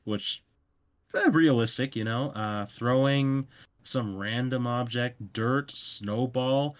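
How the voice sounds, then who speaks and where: A man's voice: medium pitch, slow, dull audio. A young man chatting casually on a podcast, telling stories in a rambling, self-mocking way with plenty of fillers. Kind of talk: casual chat.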